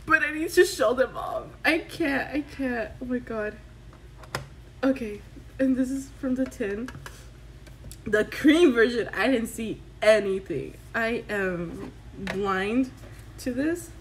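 A woman vlogger chatting through an unboxing, excitable and gushing, squealing with delight. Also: a little high, slow pace, a little hiss or hum, poor audio. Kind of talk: casual unboxing vlog.

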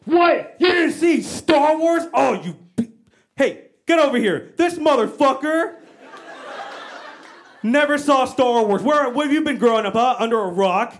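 Woman acting out a yelling outraged movie fan. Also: high voice, animated, a little slow, pitched above the performer's own voice. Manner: yelling, mocking, aggressive. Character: incredulous loudmouth man, outraged movie fan.

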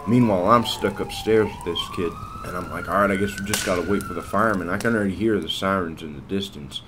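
Speaking fast over background noise, a low-voiced man lightly acts the part of a beer-bellied, scruffy, self-important cartoon lead and narrator. His storytelling wanders and rambles, littered with false starts.

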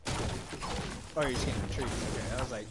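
A man in casual gaming chat over voice chat, excitable and swearing a lot. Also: medium pitch, normal speed, very noisy. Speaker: gamer.

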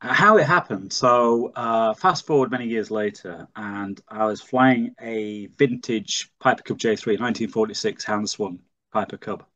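A man's voice: lowish voice, measured pace, few pauses, bright, forceful tone, dull audio. A middle-aged man from Leeds, telling stories in an interview as a pilot and flight instructor. He brings his anecdotes to life and acts out the dialogue in them. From Leeds, England. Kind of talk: storytelling in a conversational interview.

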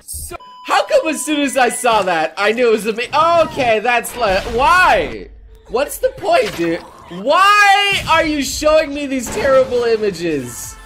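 A man hosting a reaction video, excitable and loud, swearing often and protesting. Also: extremely high pitch, a little slow, soft background music. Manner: excitable, swears a lot, laughs and protests loudly. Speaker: host reacting to fan videos. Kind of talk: reaction commentary.

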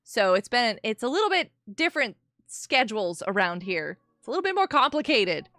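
A woman's voice: on the high side, very animated, brisk, a bit bright, dry recording, soft background music. A woman in her thirties chatting with viewers while she plays on a live gaming stream, bubbly and giggly.

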